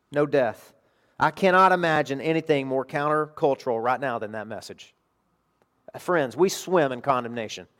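A middle-aged pastor with a voice on the high side preaches an emphatic, animated sermon, slipping into quiet asides between bursts of energy.

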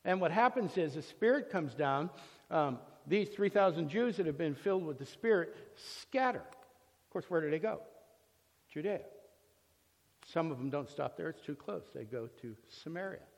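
A man's voice: a little high, animated, moderate pace. A man giving a conversational Bible lesson, telling the story with frequent fillers and restarts. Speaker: Bible teacher. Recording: long reverb, echoey hall.

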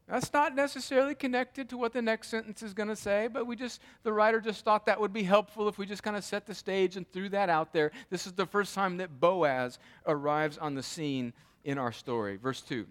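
A man's voice: sits high, brisk, a bit bright. Conversational man teaching scripture. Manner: conversational, with asides and restarts. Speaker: pastor. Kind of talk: expository Bible teaching.

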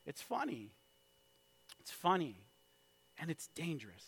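Male pastor, 30s, fairly high voice, sermon storytelling, drops to a hush and then builds loud. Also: wildly swooping pitch, a little slow, vocal fry, breathy edge. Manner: storytelling with wide swings in loudness, from hushed to shouted.

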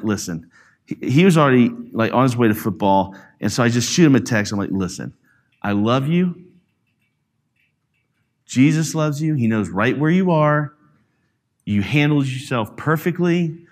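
A middle-aged man telling a family story to a church audience, acting out the voices he quotes. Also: medium pitch. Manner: animated, acts out quoted voices. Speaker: parent speaking to a church audience. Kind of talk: storytelling talk.

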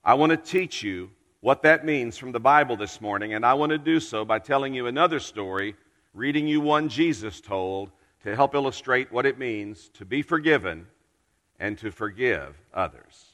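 Male preacher, earnest storyteller with dramatic pauses, bright tone, long church-hall reverb. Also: medium pitch, expressive. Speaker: pastor. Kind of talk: storytelling sermon.

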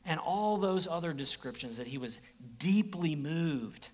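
A man preaching a sermon as a pastor, dropping to hushed whispers and rising to loud emphatic exclamations, acting out quoted speech. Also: on the high side, unhurried, long reverb tail. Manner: acts out quoted speech in lively voices.

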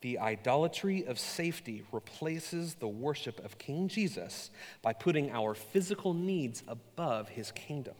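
Lively preacher in an echoing hall. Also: male voice, medium pitch, measured pace. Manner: animated storytelling with self-mocking humor. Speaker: pastor. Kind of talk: sermon.

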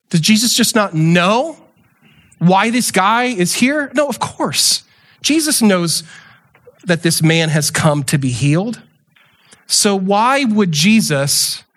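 A man preaching a sermon in a conversational, animated way, acting out little scenes with quick asides. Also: fairly high pitch.

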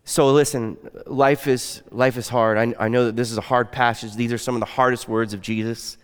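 A man delivers a sermon in an earnest, conversational way, often dropping to a soft, quiet tone. His voice is smooth and resonant, and it carries a long reverb from the hall around him. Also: medium pitch, steady tone, normal speed. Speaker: pastor.

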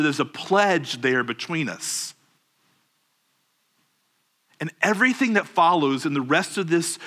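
A man preaching a sermon, earnest and measured, slowing down on key phrases and rising into urgent questions. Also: a little high, sharp tone. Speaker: pastor.

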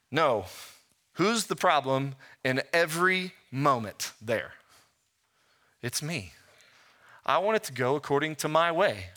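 A man in his thirties, a pastor preaching a sermon, who asks rhetorical questions and tells stories in a lively way. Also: on the high side, moderate pace, pauses often.

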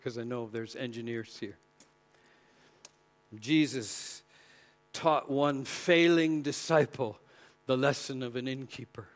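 A man preaching a sermon with passion, swinging between loud emphasis and near-whispered lines. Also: mid-range voice.

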